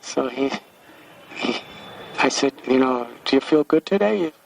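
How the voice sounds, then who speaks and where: A man in his sixties from the United States, a spiritual teacher telling a devotional story in a gentle, halting way, often repeating words as he recalls. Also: mid-range voice, lively intonation, vocal fry. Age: 60s. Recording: distant mic with faint background hiss.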